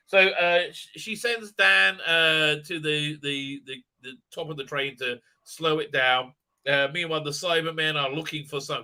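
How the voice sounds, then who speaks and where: High, bright-voiced sarcastic male reviewer. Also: moderate pace. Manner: rambling, sarcastic, many "uh" fillers and restarts; mocking put-on voices for characters. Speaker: video reviewer. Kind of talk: casual spoken episode review.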